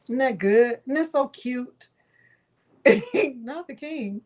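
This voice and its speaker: Middle-aged lady walking thru design software live, a bit high-pitched, chatty, greets viewers as she goes. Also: expressive, slow. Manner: chatty, talks to viewers by name while demonstrating. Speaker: craft tutorial host. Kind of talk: live screen-share software tutorial.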